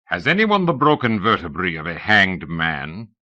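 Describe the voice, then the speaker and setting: A man voicing a deep-voiced nobleman with a Hungarian accent, speaking slowly and courteously in a storybook reading. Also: sing-song. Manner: slow and courteous. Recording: dull lo-fi cassette recording.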